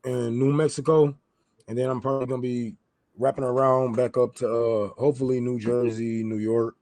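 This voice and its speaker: A man's voice: medium pitch, little pitch movement, moderate pace, warm tone. A man who is a guest on a talk show, speaking casually and loosely, with plenty of swearing. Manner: loose, profane, trailing off. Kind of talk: casual chat.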